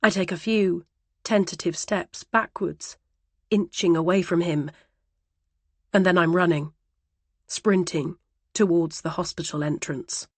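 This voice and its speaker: A woman's voice: fairly low pitch, fairly even intonation, measured pace, pauses often, no room sound. A woman narrating a first-person thriller audiobook in a dramatic, vivid way.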